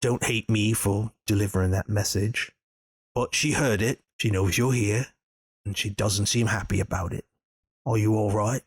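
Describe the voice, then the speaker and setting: A man voicing a big bugbear cleric who speaks with earnest, gentle reassurance. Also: lowish voice, fairly even intonation, moderate pace, breathy edge. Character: big gruff bugbear cleric, tender underneath.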